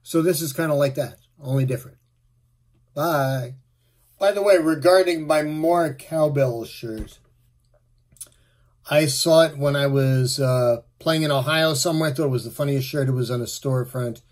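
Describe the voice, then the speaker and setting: A middle-aged man, a musician, giving relaxed, rambling tips on playing his instrument. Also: fairly high pitch, normal speed. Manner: relaxed, rambling, with fillers and asides. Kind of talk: casual spoken tip video.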